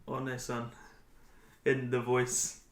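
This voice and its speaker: A man's voice: mid-range voice, completely flat delivery, drawn-out words, reverberant. A man from Ireland co-hosting a casual podcast chat, teasing and laughing often. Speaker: podcast co-host.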